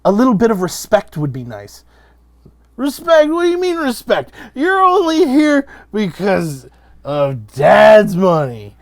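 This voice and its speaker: A man voicing a drunk, rude adult son who mocks his family with a loud, whiny, sneering voice. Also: sits high, sing-song, a little fast, pitched above the performer's own voice. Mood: mocking.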